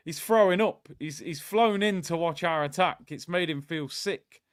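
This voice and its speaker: Excitable young man, dry close mic. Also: fairly high pitch, normal speed, clean tone, no room sound. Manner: excitable, shouts at the players during attacks. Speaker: watchalong host. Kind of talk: live football watchalong commentary.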